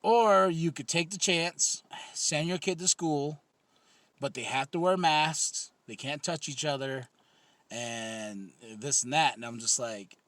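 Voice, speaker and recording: A man's voice: a little high, slow, fairly bright tone, no echo. A man in his thirties co-hosting a casual comedy podcast, rambling and swearing, laughing often. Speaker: podcast co-host.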